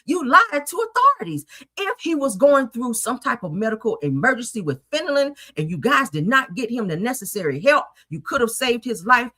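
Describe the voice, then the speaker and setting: A woman hosts a heated commentary show, ranting with emphatic, profane outbursts. Her pitch swings widely and her tone is bright and sharp. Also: sing-song, moderate pace.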